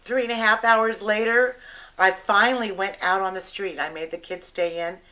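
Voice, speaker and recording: An older woman, a retired educator, giving a halting, vivid eyewitness recollection with pauses and fillers. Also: mid-range voice, fairly even intonation, sharp tone, rough recording. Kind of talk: personal recollection to camera.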